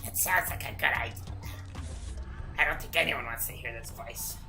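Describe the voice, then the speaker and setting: A woman's voice: a bass voice, moderate pace, vocal fry, bright, forceful tone, faint music behind. A woman co-hosting a game stream, chatting casually in a playful, teasing way. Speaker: streaming co-host. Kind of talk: casual chat over gameplay.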